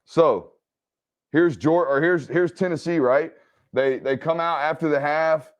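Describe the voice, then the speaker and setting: A man talking through game film with steady energy and a voice pitched a little high. He narrates each play and keeps checking in with his listener with "right?" and "okay?". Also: unhurried. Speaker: football film analyst and host. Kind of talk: game film breakdown commentary.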